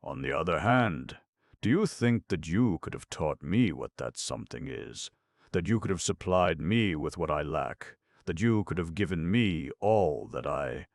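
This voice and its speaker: A man's voice: deep voice, lively intonation, measured pace, no echo. A man voicing a tearful young woman who pleads and reproaches in an emotional, raised voice. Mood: reproachful.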